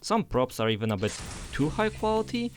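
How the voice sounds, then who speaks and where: Lively young man reviewing a game. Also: on the high side, a little fast, background noise. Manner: enthusiastic, conversational. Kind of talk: scripted game review voice-over.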